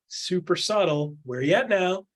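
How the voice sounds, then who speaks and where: Husky, punchy real estate coach. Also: male voice, high-pitched, lively intonation, a little slow. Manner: acts out quotes in other voices; punchy, rhetorical questions. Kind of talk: candid coaching chat.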